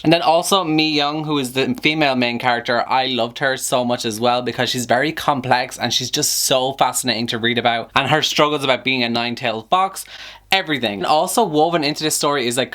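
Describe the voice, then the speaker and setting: A man's voice: medium pitch, fairly bright tone. A young man talks casually to his camera in a book vlog. He gushes about what he has been reading and keeps dropping "like" between his thoughts. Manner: chatty, gushing, filler-heavy with lots of "like". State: upset after bad news. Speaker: book vlogger.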